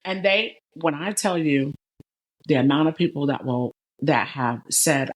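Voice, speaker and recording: Middle-aged woman hosting a podcast, lively and chatty, keeps saying y'all. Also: sits low, a little slow. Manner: animated, addresses listeners as y'all. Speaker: podcast host. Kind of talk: conversational interview.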